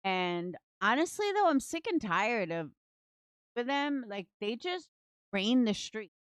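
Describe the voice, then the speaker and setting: Woman streamer, casual commentary, smooth clear voice, cutting sarcastic delivery, swears freely. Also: fairly high pitch, very animated, slow pace, dry recording, clean studio sound. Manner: blunt, profane and sarcastic. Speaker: true crime commentary streamer. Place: at home.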